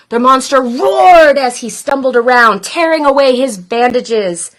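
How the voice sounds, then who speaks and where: A woman reading a children's picture book aloud in a playful, expressive way. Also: mid-range voice. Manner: playful, expressive, slow and deliberate. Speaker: storyteller.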